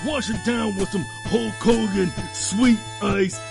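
A man voicing a boastful, gravelly macho wrestler pitching a product in a comedic fake ad. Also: steady tone, full character voice. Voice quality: gravelly, growled delivery. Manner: brash sales pitch, drawn-out boasts. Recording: music bed behind voice.

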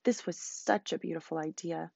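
A woman teacher reading a novel aloud, quick and expressive. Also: sits low, vocal fry, breathy edge, no room sound, lo-fi sound.

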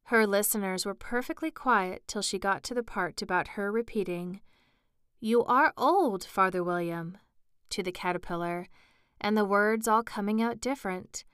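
A woman narrating an audiobook storybook in a calm, even storytelling manner. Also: medium pitch, moderate pace, clear, resonant tone, dry recording, studio quality.

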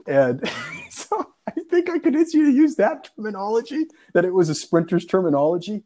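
A man's voice: high voice, fairly quick. Young man telling a laughing story. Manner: animated storyteller, laughs often, acts out quotes, swears freely. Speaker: storyteller in a casual chat. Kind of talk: casual chat.

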